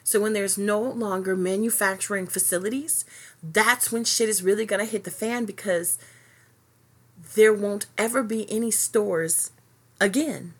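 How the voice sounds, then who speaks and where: Woman, solo podcast host, heated rant, swears a lot, rambling, lots of fillers, mid-pitched voice. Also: breathy edge. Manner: passionate, profane rant that speeds up and slows down; rambling with many fillers and self-restarts.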